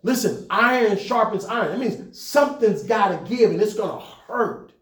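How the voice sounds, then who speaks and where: A man's voice: sits high, expressive, moderate pace, a bit bright, echoey room. A man preaching to church leaders in a conversational style, climbing to emphatic peaks. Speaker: pastor.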